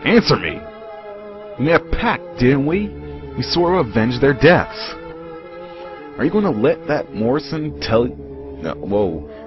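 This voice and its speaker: A man voicing a hot-headed young male fighter in a game playthrough, loud and urgent. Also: lowish voice, expressive, unhurried, pauses often. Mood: angry. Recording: muffled capture with game music.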